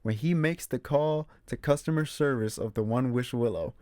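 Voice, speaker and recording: A young man talks casually about a film he loves, with an animated way of retelling scenes. His voice sits at a medium pitch. The sound is dry and close, with no room echo. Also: moderate pace. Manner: animated retelling, acts out character quotes. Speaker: movie reviewer host.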